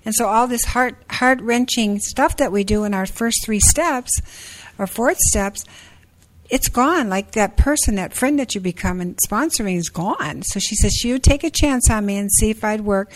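A woman in her sixties sharing her story at a support group meeting, halting, with many fillers and restarts. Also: medium pitch, low-quality recording. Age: 60s. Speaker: meeting speaker.

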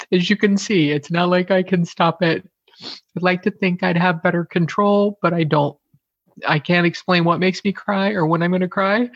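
A woman's voice: deep voice, no room sound. Woman, candid, emotional, swears freely, laughs often, dry slightly muffled home recording. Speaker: podcast host, interview guest. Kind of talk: candid conversational interview. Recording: dry, slightly dull lo-fi sound.

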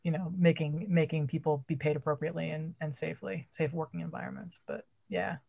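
Loud, blunt, fast-talking woman from Massachusetts. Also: low-pitched, lively intonation, gravelly, phone-quality sound. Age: 40s. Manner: loud, blunt, swears a lot. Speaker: theater stagehand and rigger. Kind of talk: casual podcast conversation.

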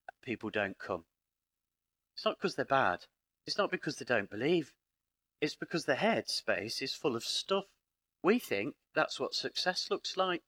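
Pushed and bright, his mid-range voice carries British English as he gives a lively live conference talk in a parish hall. The middle-aged man from Britain tells stories with dry humour, acting out the exchanges.

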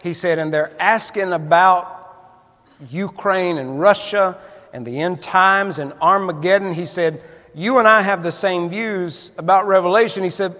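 A male preacher, his voice pitched high for a man. He delivers a folksy, storytelling sermon that builds to fervent emphasis, and the words ring out with a long reverb from a large church hall. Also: fairly bright tone.

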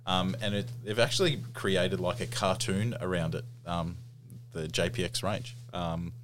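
A man's voice: deep voice, steady tone, a little slow, fairly bright tone, soft background music. A man being interviewed on a podcast, talking casually and hesitantly with frequent ums and restarts. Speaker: golf equipment rep, guest.

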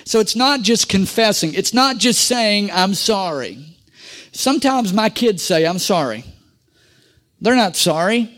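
Preaching to his congregation, this middle-aged pastor pitches his voice high and asks for amens. His delivery alternates loud surges with quieter asides.

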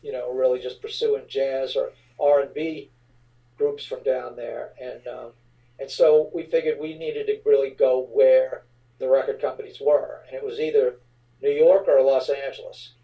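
Laid-back man, mellow and off-mic. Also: mid-range voice, normal speed, gravelly, far from the mic, poor audio. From New Orleans area. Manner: relaxed, rambling with many fillers. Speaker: rock band frontman, guest. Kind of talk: casual interview storytelling.

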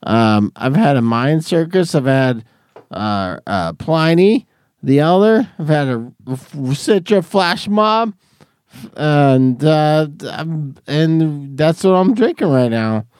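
A man's voice: fairly high pitch, lively intonation, slow pace, darkish tone, clear, resonant tone, dry recording. A man hosting a podcast from a garage studio, rambling and laughing through tipsy banter. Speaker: podcast host. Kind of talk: casual chat.

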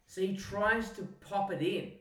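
An Australian man and podcast co-host telling an animated, sweary story in casual chat. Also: high-pitched, measured pace, far from the mic. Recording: roomy sound, mic set back.

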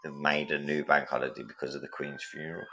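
A man with an extremely deep voice, full of gravel and fry. He talks bluntly as a guest in a casual podcast chat, swearing and repeating his points. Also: level tone, fast talker, noisy background. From England. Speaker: guest caller.

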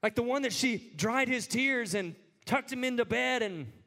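Speaking at a normal speed with a sharp, expressive tone, this male pastor preaches conversationally. His talk is loaded with "like" fillers, and his voice climbs high and forceful at its climaxes.

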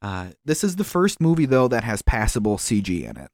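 A man's voice: lowish voice, huge pitch swings, a little fast, darkish tone, no room sound. A man co-hosting a casual movie podcast, making wry, dry comments and sighing. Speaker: podcast co-host. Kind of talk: casual chat.

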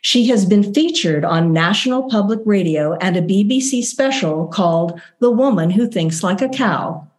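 A woman hosting an interview, reading a prepared introduction and asking questions in a measured, polite way. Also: mid-range voice, animated, a little mellow. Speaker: interview host.

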